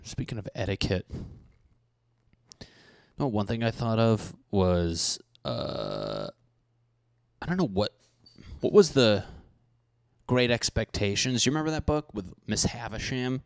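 A man hosting a podcast, ranting in a casual, profane and animated comic way into a handheld microphone. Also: lowish voice, takes it slowly, gravelly, pauses often, no room sound. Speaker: podcast host. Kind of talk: casual comedic rant.

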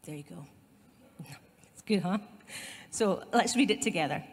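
A woman's voice: on the low side, expressive, measured pace, long reverb tail, slight background noise. A woman pastor with a Scottish accent giving a conversational sermon, with asides to her congregation. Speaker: site pastor. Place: church.

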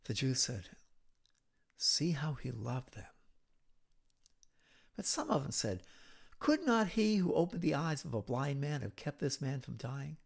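A man preaching a sermon, retelling a scripture story dramatically with hushed, whispered moments. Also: mid-range voice, very animated, measured pace, gravelly, pauses often, breathy edge.

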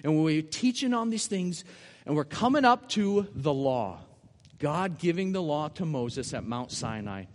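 Emphatic high-voiced man preaching in a hall. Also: sing-song, unhurried. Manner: emphatic, repeats key phrases. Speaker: missionary preacher. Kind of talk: sermon storytelling. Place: church.

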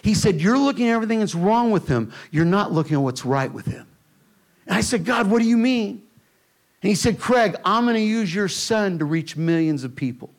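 A man preaching a sermon to a church, telling a personal story with emphatic delivery that drops to a hush in tender moments. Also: sits high, expressive, fairly quick. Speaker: pastor.

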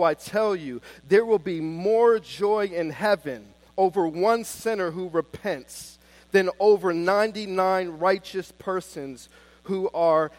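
A man preaching a sermon with fervent emphasis, swinging between loud declarations and soft, hushed pleas. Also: sits high, no room sound.

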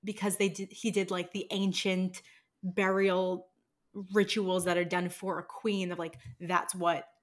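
A woman co-hosting a podcast, chatting casually in a relaxed, thoughtful way with some swearing. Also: lowish voice, a little slow. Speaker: podcast co-host. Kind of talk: casual chat.

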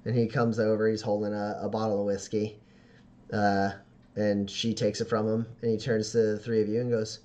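A man's voice: on the low side, little pitch movement, normal speed, darkish tone, dull audio. A man narrating as game master of a tabletop game, casual and often laughing.

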